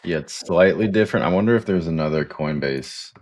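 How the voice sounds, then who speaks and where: A man's voice: low voice, fairly quick. A man co-hosting a casual crypto stream, making laid-back, teasing remarks. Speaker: crypto market show co-host. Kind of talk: casual livestream chat.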